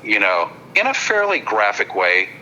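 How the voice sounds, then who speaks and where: His voice is lowish yet very bright and sharp-edged, swinging widely in pitch, captured on a low-quality recording with faint background noise. As a hypnotist comedian guesting on a podcast, he tells a casual anecdote haltingly, repeating and backtracking, while apologizing and checking in with listeners.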